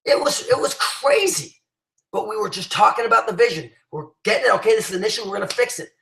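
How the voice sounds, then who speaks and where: A man's voice: sits high, vocal fry, sharp tone. Man, motivational talk, emphatic and rallying, roomy echo. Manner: emphatic, rallying, full of fillers and restarts. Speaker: business leader addressing his team.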